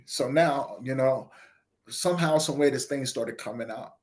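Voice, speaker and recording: A man guesting on an interview show, telling a personal story in casual chat and acting out the other people's lines. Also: normal speed. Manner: animated storyteller, acts out dialogue with voice shifts; drops soft and low when quoting others. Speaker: podcast guest, nonprofit founder.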